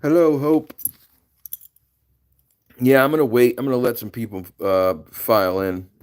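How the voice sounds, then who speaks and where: Hosting a casual livestream, a chatty man with a lowish voice talks fairly quickly, laughs often, and greets viewers by name.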